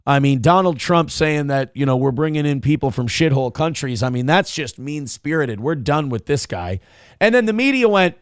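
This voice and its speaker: Brief: man from Minnesota, stream host, slightly high voice, blunt and crude, dry close sound. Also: expressive, normal speed, clean tone, no room sound. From Minnesota, USA. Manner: crude, blunt and sarcastic, rambling with restarts. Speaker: morning show host. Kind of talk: livestream commentary reading viewer donations.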